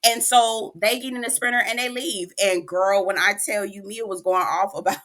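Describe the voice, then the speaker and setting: Sassy, animated woman recapping gossip. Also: mid-range voice, moderate pace, hardly any pauses. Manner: animated and sassy, acts out quotes, laughs often. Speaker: reality TV recap host. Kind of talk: casual recap commentary.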